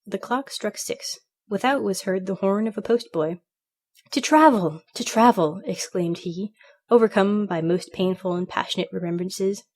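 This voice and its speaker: Reading a fairy tale aloud, a woman with a mid-range voice narrates from a script. Her storytelling is measured and expressive.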